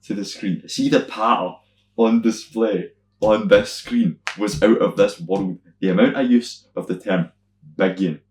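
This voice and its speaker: A man's voice: measured pace, roomy sound, a little hiss or hum. A young Scottish man co-hosting a podcast, telling stories in a casual chat, acting out other people's lines and swearing freely. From Scotland. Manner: animated storyteller, acts out other people's lines in loud high voices, swears freely. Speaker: podcast co-host.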